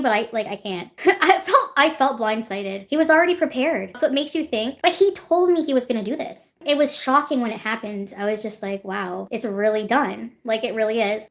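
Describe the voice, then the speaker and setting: A woman vlogger chatting casually on a livestream, rambling, swearing freely and laughing often as she answers her chat. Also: a little high. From Canada.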